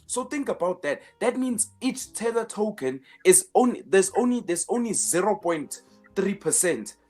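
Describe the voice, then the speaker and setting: Man, finance show host, husky voice, emphatic, repeats himself, sarcastic asides, faint music behind. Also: high voice, big pitch swings, moderate pace, darkish tone. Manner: emphatic, repeats words while building a point. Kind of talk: casual explanatory commentary.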